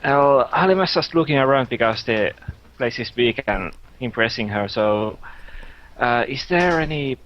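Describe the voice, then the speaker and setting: A man's voice: mid-range voice, animated, a little slow. A man playing a tabletop game, asking curious, chatty questions. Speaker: player. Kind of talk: casual tabletop play. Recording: muffled lo-fi mic.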